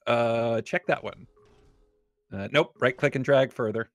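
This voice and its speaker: A man's voice: medium pitch, unhurried, no echo, soft background music. A man co-hosting a game livestream, casually coaching his partner with tips and directions. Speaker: game streamer co-host. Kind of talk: casual gameplay chat.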